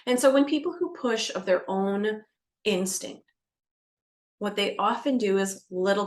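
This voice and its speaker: A woman doula explaining birth practice to camera, lively and expressive, acting out scenes and dropping into a soft calm voice. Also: mid-range voice, measured pace. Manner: animated, acts out scenes with gasps and shifts to a soft calming voice. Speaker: doula educator. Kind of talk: educational talk to camera.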